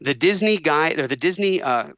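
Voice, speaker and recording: A man telling a long story as a podcast guest in a casual, animated way, acting out the people he quotes. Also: on the high side, moderate pace, no echo, low-quality recording. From Orlando, Florida area. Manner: animated, acts out voices in quotes.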